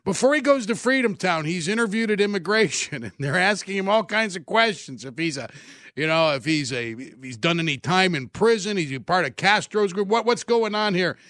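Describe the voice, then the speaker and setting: A man's voice: high-pitched, fairly quick, dry recording, clean studio sound. A man hosting a sports radio show, bantering casually, laughing often as he tells stories. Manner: laughs often, lively storyteller. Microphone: studio microphone.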